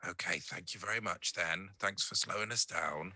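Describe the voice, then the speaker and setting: A man playing a tabletop game, joking and brisk in character. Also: sits low, pushed and bright, dry recording. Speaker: player. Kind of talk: casual in-character tabletop play.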